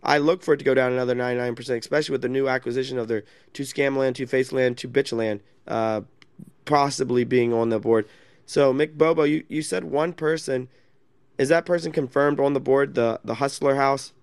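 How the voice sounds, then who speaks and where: A man's voice: mid-range voice, fairly even intonation, fairly quick, darkish tone, smooth, no echo, studio quality. A man hosting a casual chat in an online audio room. He speaks in a brash, mocking way and swears a lot. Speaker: host.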